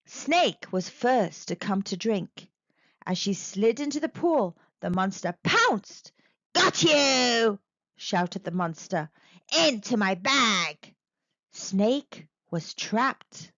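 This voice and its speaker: A woman storyteller reading a children's picture book aloud in a slow, very expressive way. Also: mid-range voice, no echo, dull audio.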